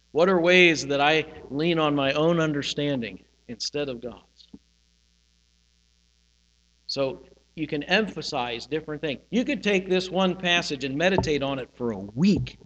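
A male pastor giving a sermon, teaching in a slow, reflective way and pausing on single words. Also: a little high, fairly bright tone. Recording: hall reverb with mains hum.

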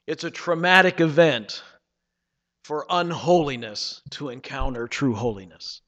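A man preaching a sermon, reading scripture dramatically and swinging between loud passages and hushed ones. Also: a little high, a little slow, in a large hall, lo-fi sound. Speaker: pastor.

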